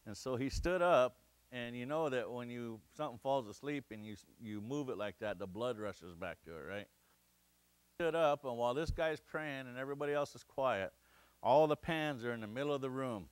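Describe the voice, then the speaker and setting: A middle-aged man from Montana's Crow Nation giving a lecture, telling a funny story with lively acted-out shouts and quoted voices. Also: medium pitch, moderate pace, clear, resonant tone, dry recording. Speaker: guest lecturer. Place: lecture hall.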